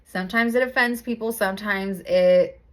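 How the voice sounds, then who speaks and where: A woman's voice: mid-range voice, moderate pace, fairly bright tone. A young woman giving a casual tarot reading to camera, chatty and laughing often, swearing casually. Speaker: tarot reader.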